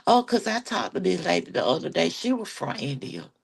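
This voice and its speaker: A woman from Atlanta with a Southern accent, chatting sassily with her livestream viewers and telling animated stories full of slang. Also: fairly low pitch, a little fast, vocal fry, slightly rough. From Atlanta, Georgia. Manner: sassy, animated storytelling with slang. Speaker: livestream host. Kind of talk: casual chat with viewers.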